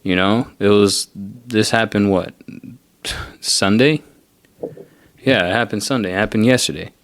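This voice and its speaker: A young man rants his way through a story on his podcast, swearing freely and sounding fed up. His voice sits on the low side. The sound is dry, with almost no room around it. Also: unhurried, dry recording. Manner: profane, exasperated storytelling. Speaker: podcast host. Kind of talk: casual ranting monologue.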